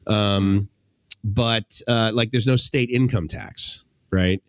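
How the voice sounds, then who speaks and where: A man's voice: lowish voice, takes it slowly, dry recording, studio quality. A man hosting a radio show in casual chat, telling long rambling stories and acting out the people he quotes. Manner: rambling storyteller, acts out quoted voices. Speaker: radio host.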